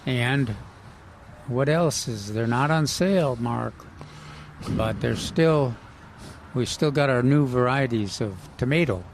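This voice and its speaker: A man co-hosting a casual gardening radio chat, talking haltingly with many fillers and restarts. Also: medium pitch. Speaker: gardening show co-host. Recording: outdoor nursery with faint noise.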